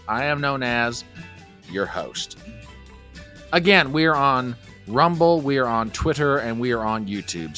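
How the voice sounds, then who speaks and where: A man hosting a casual livestream, folksy and talkative, reading viewer comments aloud. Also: lowish voice. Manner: folksy, animated, reads chat comments aloud. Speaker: livestream host.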